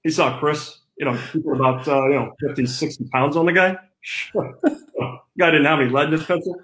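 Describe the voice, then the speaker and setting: A man doing an impression of a gruff older male football head coach, speaking in clipped folksy phrases and repeating fillers. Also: a little high, fairly even intonation, fairly quick, fairly bright tone, natural voice, low-quality recording. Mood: gruff, wry.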